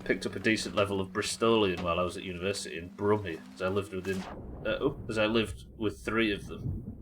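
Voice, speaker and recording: A man's voice: sits low, steady tone, quick pace, noisy background. An English man streaming a game, chatting casually and rambling, swearing freely as he plays. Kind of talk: casual chat while playing.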